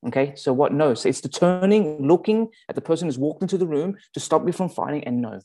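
A man's voice: fairly high pitch, animated, fast talker, warm tone. Aussie guy preaching to his church, chatty, keeps asking okay?. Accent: Australian. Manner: conversational, checks in with 'okay?'. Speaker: pastor. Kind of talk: sermon.

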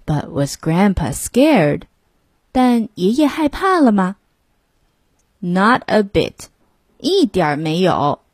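Woman, bilingual storybook reader, slow pace, lively pitch, breathy, dry close sound. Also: no echo.

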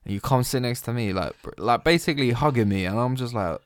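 A man's voice: medium pitch, fast talker, dry recording, studio quality. A man in his twenties co-hosting a casual podcast, telling stories in heavy slang and swearing freely. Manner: slangy, swearing, ranting storyteller. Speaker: podcast co-host.

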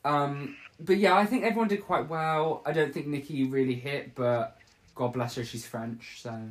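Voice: mid-range voice, moderate pace. A podcast host rambling through a casual chat and laughing often.

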